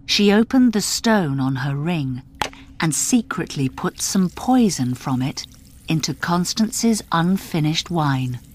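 A woman narrating a graded reader story in a clear, deliberate storytelling manner. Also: low voice, animated.

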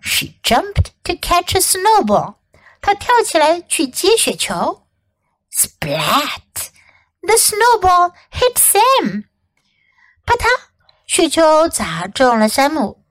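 A woman English teacher reading a children's story aloud in an expressive, clearly enunciated voice. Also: extremely high pitch, slow pace.

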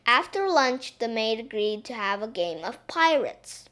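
Slow, gentle woman reading a children's story. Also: on the high side, very animated.

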